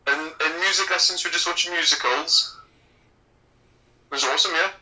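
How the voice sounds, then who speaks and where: A man's voice: on the high side, moderate pace, pushed and bright, rough recording. A man co-hosting a casual film commentary podcast, joking and poking fun at himself. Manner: joking, self-mocking. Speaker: podcast co-host.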